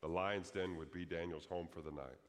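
A man's voice: deep voice, steady tone, moderate pace, big-room sound. A man preaching a sermon as pastor, telling a story dramatically and acting out the quoted prayers.

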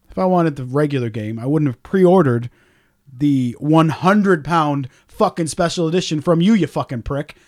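A man hosting a podcast, telling a story in an animated rant full of swearing and acting out other people's lines. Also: fairly high pitch. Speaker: podcast host.

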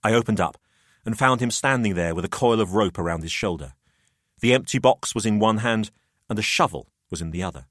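Expressive male storybook narrator. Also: on the low side, brisk, no room sound, clean studio sound. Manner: expressive, rising to frantic shouts in dialogue. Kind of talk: first-person storybook narration.

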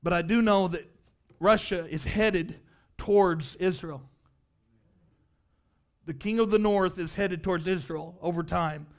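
A male preacher giving a fiery sermon, asking the congregation questions and building to impassioned shouts. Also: a little slow, pauses often. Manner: high-pitched, emphatic, sweeps between quiet and loud.

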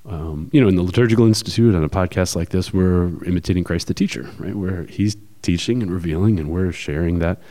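A man with a very low, deep voice talks through ideas on a podcast. He explains patiently and thinks aloud, with plenty of fillers as he goes. It is a casual, conversational discussion. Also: a little fast, hardly any pauses, mellow. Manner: explanatory, thoughtful, with many fillers. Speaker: podcast co-host.

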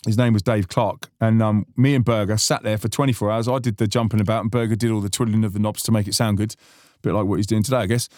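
A man's voice: lowish voice, fairly even intonation, fast, a little mellow, no room sound, clean studio sound. A man hosting a podcast, chatting casually and earnestly, rambling with many restarts. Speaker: podcast host and musician. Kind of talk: casual reflective chat.

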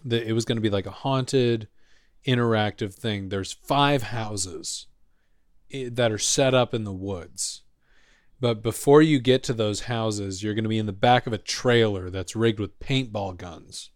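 A man from Texas telling a long story in casual chat, animated and swearing freely. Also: fairly low pitch, a little slow, dry recording, clean studio sound. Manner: animated, profane, acts out voices.

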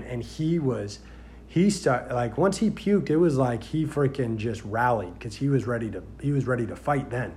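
A man who works as a deputy, telling a story in a casual, rambling way with many fillers and growing loud and animated as he goes. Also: mid-range voice, normal speed, slight background noise. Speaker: sheriff's deputy.

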